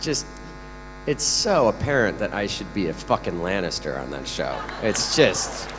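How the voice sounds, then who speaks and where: Brief: playful male actor, lively pitch, convention-hall echo with a faint hum. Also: a little slow, soft background music. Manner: playful, joking, laughs often. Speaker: guest actor on a convention panel. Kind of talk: convention Q&A panel.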